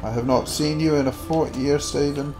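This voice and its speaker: A man giving goofy, crude gameplay commentary with sudden loud outbursts. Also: fairly high pitch, steady tone, moderate pace, faint music behind. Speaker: gaming channel host.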